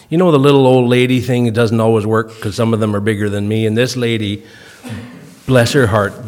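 A man in his fifties tells wry, self-mocking stories to a church crowd, with folksy comic timing. He clears his throat now and then, still getting over a cough. His voice rings out with a long hall reverb. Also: mid-range voice. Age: 50s. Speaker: guest speaker. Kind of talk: humorous storytelling talk to a congregation.

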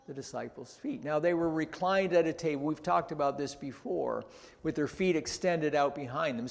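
A male pastor preaching a sermon, deliberate and emphatic, often posing questions to his listeners. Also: medium pitch. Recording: long reverb in a large hall.

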